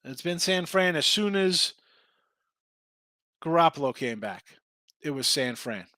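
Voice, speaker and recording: A man hosts a sports betting livestream, chatting loosely as he rambles through picks and records, reads out chat names, answers viewers, and often restarts. His voice is on the high side, animated, unhurried, pushed and bright, captured in clean studio sound with no echo.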